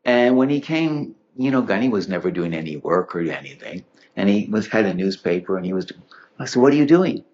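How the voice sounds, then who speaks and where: A man's voice: deep voice, lively intonation, fairly quick, darkish tone. A man giving a humorous talk, telling anecdotes with chuckles and acting out the people in them. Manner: witty, chuckling storyteller acting out quotes. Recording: dull lo-fi recording.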